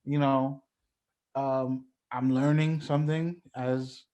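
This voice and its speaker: A young man, a guest musician, talking in a relaxed, loose podcast chat and leaning on "like" and "you know". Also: medium pitch, takes it slowly. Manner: laid-back, heavy on "like" and "you know".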